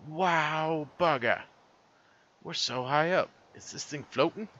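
A man's voice: fairly high pitch, takes it slowly, bright, forceful tone, lo-fi sound, voice pushed up. A man voicing a brash, cocky young female thief with a British accent. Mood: alarmed. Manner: brash, exclaiming. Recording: game music underneath.

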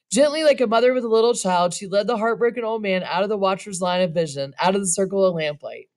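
A woman's voice: medium pitch, fast, few pauses, darkish tone. A woman narrating a western short story aloud, breaking off for casual asides. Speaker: reader and narrator.

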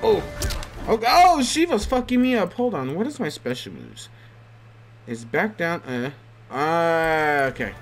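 A man doing gameplay commentary for a let's play, excitable, yelping and laughing, swearing freely. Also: on the high side, a little slow. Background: game music and fight sounds.

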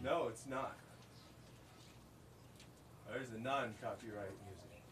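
Speaking slowly in a lowish voice over music, an American man livestreams while working outdoors on stone-look craft pieces. He keeps up casual chat with viewers, often joking and laughing.

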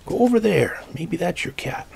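A man voicing a helpful grown-up stranger who points the way, in a plain, even manner. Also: high-pitched, normal speed, creaky, a little hiss or hum, exaggerated voice.

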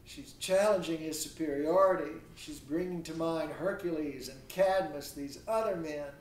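A man giving a recorded literature lecture, halting with many pauses and fillers, reading quoted verse with louder emphasis. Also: fairly high pitch. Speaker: literature instructor. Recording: roomy echo, distant mic, faint noise.

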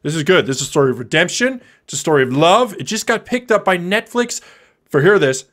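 Fairly quick and high-pitched with big pitch swings, this thirties-aged man offers jokey, goofy commentary while playing a drawing game on stream, now and then erupting in sudden loud silliness.

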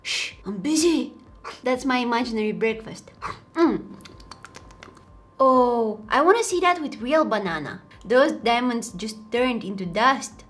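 A woman's voice: on the high side, animated, moderate pace, few pauses, fairly bright tone. A woman hosting a casual reaction video, exclaiming and laughing as she comments on clips.

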